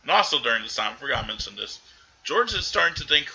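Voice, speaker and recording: Podcast guy rambling thru a movie recap, sharp bright voice, muffled lo-fi audio. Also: mid-range voice, lively intonation, brisk. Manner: rambling retelling full of quoted lines. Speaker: podcast host. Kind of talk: casual film recap chat.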